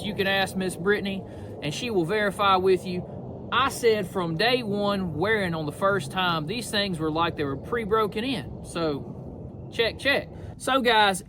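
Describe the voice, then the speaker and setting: A man's voice: sits high, animated, a little slow, background noise. A man talks casually and folksily on a farm, doing a sponsor read and then explaining his young logging horses. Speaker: farm vlogger. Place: outdoors on a farm, by a barn.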